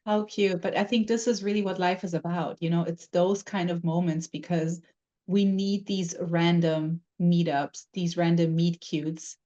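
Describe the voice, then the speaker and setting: A woman's voice: on the low side, fairly even intonation, a little slow, dark tone, dull audio. A woman hosting a podcast who speaks in long, thoughtful, flowing sentences, often adding "you know". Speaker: podcast host. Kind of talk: reflective conversation.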